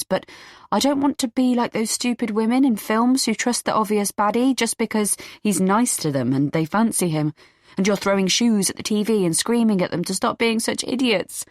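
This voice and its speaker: Woman, audiobook narrator, first-person thriller, tense, measured, dry sound. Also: mid-range voice, a little mellow, no echo.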